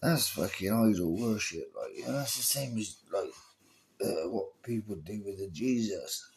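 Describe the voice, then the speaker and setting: Man, lowish pitch, profane ranting monologue, exasperated, pleading. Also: normal speed, vocal fry, a little mellow, a little hiss or hum. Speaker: video creator.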